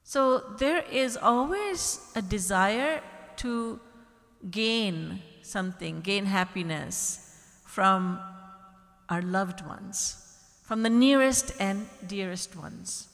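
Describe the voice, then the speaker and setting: A woman's voice: mid-range voice, drawn-out words. A woman spiritual teacher giving a discourse, telling stories with acted-out quotes and emphatic repetition. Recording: long hall reverb.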